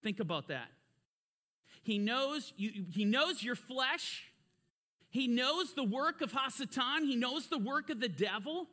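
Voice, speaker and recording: Guy teaching a bible study sermon, high bright voice, gets fired up and emphatic. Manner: emphatic, rising to fervent emphasis with rhetorical questions.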